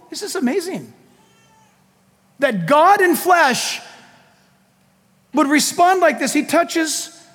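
High-voiced, lively preaching man. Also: long reverb tail. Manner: animated preaching, acting out Bible scenes with laughs and shouts. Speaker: pastor. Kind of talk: sermon.

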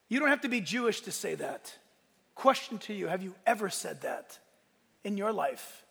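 Pastor guy preaching hard, gravelly voice, big echoey church sound. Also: high-pitched, lively intonation, normal speed, fairly bright tone. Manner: impassioned preaching, rising and falling in force. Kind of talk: sermon. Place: church sanctuary. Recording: long reverb of a large hall.

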